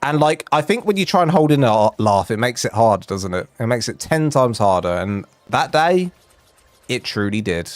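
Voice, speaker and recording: Animated man telling a story. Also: medium pitch, moderate pace, no room sound. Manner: chatty, animated and self-mocking. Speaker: streamer. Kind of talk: casual storytelling while gaming. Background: faint game music.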